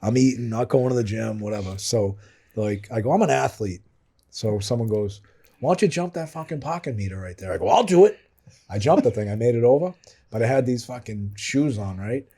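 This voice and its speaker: A man's voice: fairly low pitch, brisk, warm tone, slightly rough. Swearing man telling stories. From Medford and Malden, Massachusetts. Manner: profane, rambling storyteller who keeps adding "right?". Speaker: podcast host. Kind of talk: casual storytelling among friends.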